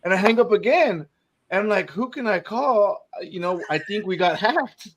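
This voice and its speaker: Brief: podcast co-host, man, high voice, loose laughing storyteller. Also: lively intonation, a little fast, a little hiss or hum. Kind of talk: casual storytelling.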